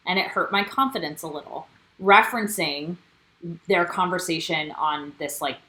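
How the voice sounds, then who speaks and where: A woman's voice: lowish voice, moderate pace, low-quality recording. Chatty woman co-hosting a recap. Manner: animated, quotes cast members. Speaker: co-host. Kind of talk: casual recap chat.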